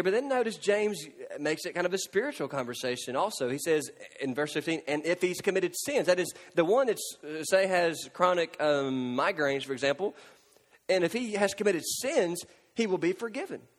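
Impassioned preacher man, high voice, big hall. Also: animated, normal speed. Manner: impassioned, swings from loud pleading cries to hushed near-whispers. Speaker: pastor. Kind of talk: sermon.

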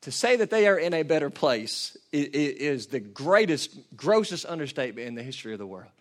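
A man preaching a passionate sermon, building from quiet reflection to shouted peaks. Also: a little high, big pitch swings, fairly quick. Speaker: pastor.

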